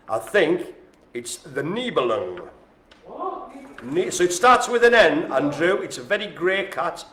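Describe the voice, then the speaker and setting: A man's voice: high voice, a bit bright. A man calling bingo live in a care home, chatty and playful, joking with the room. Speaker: bingo caller. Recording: echoey room.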